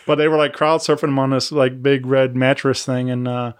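Relaxed male host rambling casually. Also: mid-range voice, fairly quick, smooth. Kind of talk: casual podcast chat.

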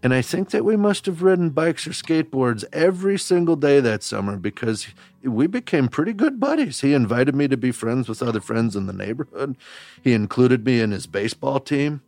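A man's voice: mid-range voice, animated, fairly quick, a little mellow, no echo, faint music behind. A man from Wisconsin, hosting a children's podcast as a camp counselor, telling a story straight to young listeners with homespun phrases.

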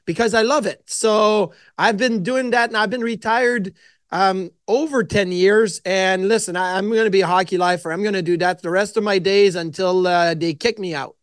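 Animated man, high voice. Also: normal speed, clean tone, no room sound, clean studio sound. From Quebec, Canada. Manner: animated anecdotes with frequent restarts. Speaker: guest, former goaltender. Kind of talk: casual storytelling interview.

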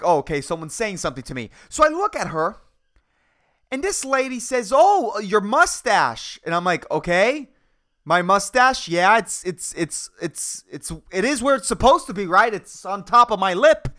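A young man hosting a podcast, delivering a profane, exasperated comedic rant. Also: sharp tone. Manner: exasperated, sweary, swings between low mutters and high outbursts. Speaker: podcast host.

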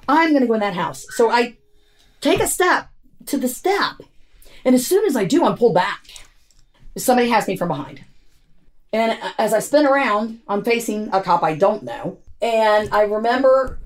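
A woman recounts a painful memory in her own blunt words, often repeating herself as she goes. Her pitch swoops widely as she tells it, with faint music under her voice. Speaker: interviewee recounting a family tragedy. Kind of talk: emotional first-person recounting.

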